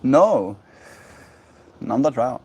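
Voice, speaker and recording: A man's voice: medium pitch, very animated, a little mellow, husky, highs cut off. Rambling stoned man chatting on stream. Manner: rambling, halting, with frequent restarts and fillers. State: high on cannabis. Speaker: livestream host. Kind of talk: casual solo stream chat.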